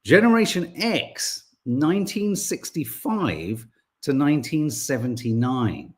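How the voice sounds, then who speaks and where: A man's voice: on the high side, big pitch swings, slow pace. A man in his forties co-hosting a casual podcast, rambling with wry asides and reading out listener messages. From England. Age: 40s. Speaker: podcast co-host. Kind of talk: casual chat.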